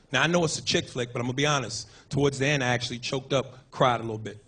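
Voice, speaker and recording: A man's voice: mid-range voice, racing, a bit bright. A man performing a stand-up comedy set in a club, with a profane, punchy, swaggering delivery. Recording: noisy live club recording.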